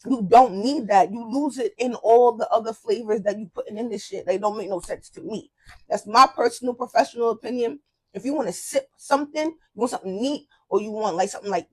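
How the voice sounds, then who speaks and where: A woman's voice: mid-range voice, husky, rough recording. Opinionated, teasing woman host. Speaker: podcast host. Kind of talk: casual chat.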